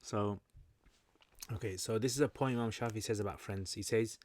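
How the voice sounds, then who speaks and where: A man's voice: lowish voice, moderate pace, a little mellow. A British man hosting a casual livestream Q&A, chatty and joking, explaining Arabic terms as he reads through viewer comments. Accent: British English. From Britain. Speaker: livestream host answering chat.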